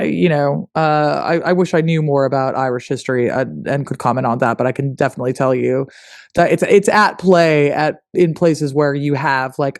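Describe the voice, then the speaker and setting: A man co-hosting a casual history chat, animated and joking, often swearing and acting out little voices. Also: on the high side, dry recording, studio quality. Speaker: podcast co-host. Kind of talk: casual conversational discussion. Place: lives in the UK.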